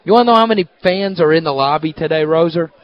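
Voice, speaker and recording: A man hosting a sports radio show, telling stories in an animated, casual way. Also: a little high, fast talker, lo-fi sound. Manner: animated storyteller, excitable. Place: hotel at a media event.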